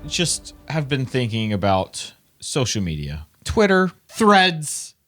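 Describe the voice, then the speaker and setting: A man from Tennessee co-hosting a podcast, talking in a casual, animated, rambling way. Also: mid-range voice, takes it slowly, over loud music. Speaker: podcast co-host. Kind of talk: casual chat.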